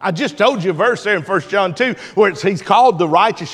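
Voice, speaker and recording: A man preaching a sermon, moving from quiet teaching to shouted, drawn-out preaching. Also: high voice, lively intonation, slightly rough. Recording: long hall reverb.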